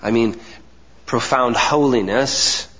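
Earnest preaching man in an echoing hall. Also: medium pitch. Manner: earnest preaching with emphatic pauses, drops to soft asides. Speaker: pastor. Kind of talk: sermon. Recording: dull sound with long hall reverb.

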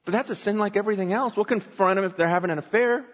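A man preaching a sermon in a church, conversational and animated, often acting out voices from the text. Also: high voice, racing. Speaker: pastor. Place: church sanctuary. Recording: muffled hall recording with long reverb.

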